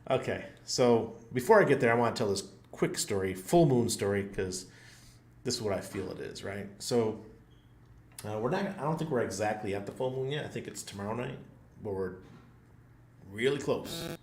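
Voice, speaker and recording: A man's voice: on the low side, lively intonation, moderate pace, darkish tone, slight background noise. A man hosting his own channel, rambling through a funny story in a casual, self-mocking way with frequent laughs. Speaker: channel host. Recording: roomy echo.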